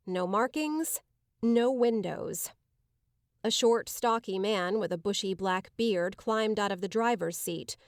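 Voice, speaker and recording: An audiobook narrator reads a dark romance in the first person, delivering the scripted narration with measured, dramatic pacing. Her mid-pitched voice is recorded dry and close, with no room sound and no echo.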